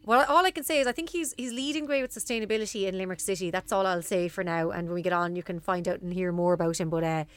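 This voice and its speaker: Fast-talking Irish woman, crisp close voice. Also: lowish voice, no echo. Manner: chatty, rambling with fillers and restarts. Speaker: podcast co-host. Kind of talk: casual chat.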